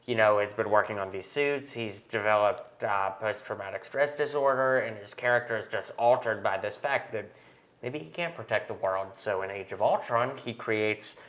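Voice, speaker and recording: A man's voice: on the low side, normal speed, fairly bright tone. Chatty man reviewing movies. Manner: enthusiastic, chatty, quotes lines in put-on voices. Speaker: host. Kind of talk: casual movie review chat.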